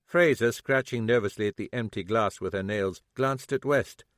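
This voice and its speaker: A man narrating a mystery audiobook in a measured, expressive way. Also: on the low side, no room sound, clean studio sound.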